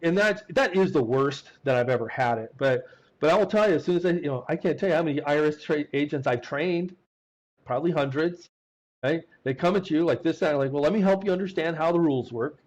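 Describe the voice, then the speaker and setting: A man's voice: fairly high pitch, brisk, muffled recording. A man, an accountant guest on an interview show, telling a story with restarts and acted-out quotes. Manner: animated anecdotes with frequent restarts and acted-out quotes. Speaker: CPA guest.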